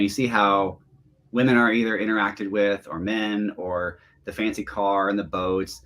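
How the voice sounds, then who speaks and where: A man in his forties, a relationship coach, talking candidly and animatedly in an interview. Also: fairly low pitch. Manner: animated, candid, bursts of emphasis.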